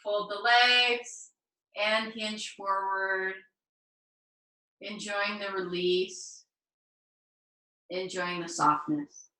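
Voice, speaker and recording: A woman teaching a live online yoga class, cueing poses gently and encouragingly with playful asides. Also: medium pitch, steady tone, very slow, pauses often, roomy sound, distant mic, low-quality recording. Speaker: yoga instructor. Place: home room, on a video call.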